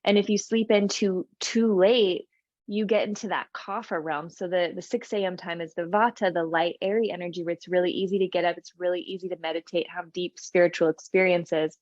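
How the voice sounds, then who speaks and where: A woman's voice: lowish voice, steady tone, brisk, a little mellow, no echo. Rambling young woman, dry dull sound. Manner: rambling, many fillers and restarts, laughs often. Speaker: podcast co-host. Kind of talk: casual chat.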